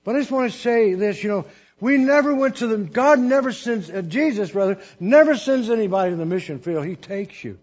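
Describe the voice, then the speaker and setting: A man's voice: sits high, lively intonation, fairly quick, darkish tone, breathy edge, muffled recording. An older man, a missionary preacher, telling a story in a folksy, rambling sermon with restarts and chuckles.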